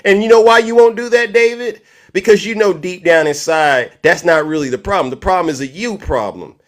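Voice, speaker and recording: A man's voice: high-pitched, a little fast. A middle-aged man hosting a heated political argument, combative and cutting in by repeating the other person's name. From California. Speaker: live-stream debate host.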